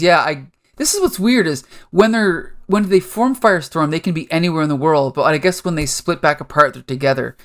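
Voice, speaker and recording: Podcast host dude rambling through a recap, casual, lots of ums. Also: male voice, a little high, a bit bright, clear, resonant tone. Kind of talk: casual chat.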